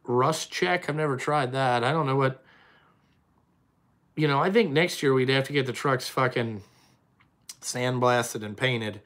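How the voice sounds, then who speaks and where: A man's voice: medium pitch, a little slow, long pauses, a bit bright. A young man, the owner of a trucking company, chatting casually and profanely on a live stream and answering viewers' questions.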